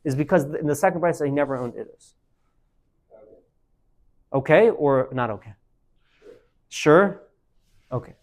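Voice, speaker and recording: A man teaching Talmud to a class, animated, calling on students by name and quizzing them. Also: on the high side, unhurried, long pauses.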